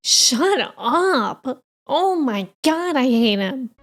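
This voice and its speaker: A woman's voice: high-pitched, soft background music. Emotional woman gushing over a show. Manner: expressive, gushing fan, quick to outrage and tears. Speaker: reaction video host. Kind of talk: emotional reaction commentary. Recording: show audio playing under her voice.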